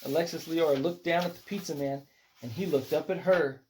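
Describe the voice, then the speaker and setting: A storybook reader narrating a picture book aloud with expressive, animated delivery. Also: medium pitch, a little fast, slight background noise.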